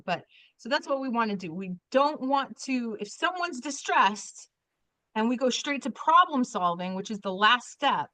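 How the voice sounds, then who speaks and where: A woman leading an online workshop over a video call from home, chatty and quick to laugh, with many restarts. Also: a little high, a bit bright, no echo. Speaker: trainer.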